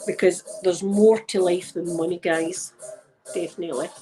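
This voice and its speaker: A woman's voice: on the low side, fairly even intonation, moderate pace, warm tone, soft background music, rough recording. Tipsy Scottish woman chatting frankly. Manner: rambling, frank and chatty, with frequent restarts. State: a bit drunk. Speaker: ASMR channel host. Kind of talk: casual live chat with viewers.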